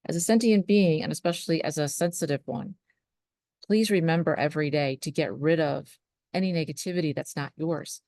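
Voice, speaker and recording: A woman's voice: deep voice, brisk, darkish tone, dry recording, clean studio sound. A woman, a spiritual life coach, talking earnestly to her viewers about trust and surrender. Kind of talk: motivational talk to camera.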